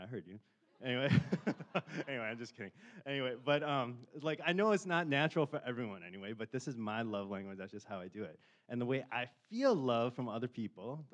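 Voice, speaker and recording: A man in his forties preaching a casual sermon in a chatty, self-deprecating way, rising to impassioned questions at times. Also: mid-range voice. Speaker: pastor.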